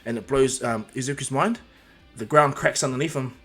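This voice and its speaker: A man's voice: medium pitch, moderate pace, a bit bright, slightly rough, soft background music. A man casually narrating a fan-made superhero story, rambling with fillers and restarts.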